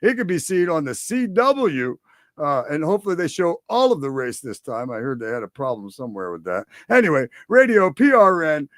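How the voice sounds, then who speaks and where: Fairly high-voiced man rattling off race dates. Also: dry recording, studio quality. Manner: rapid list reading with loud bursts and asides. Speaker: radio show co-host. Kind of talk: reading a racing schedule on radio.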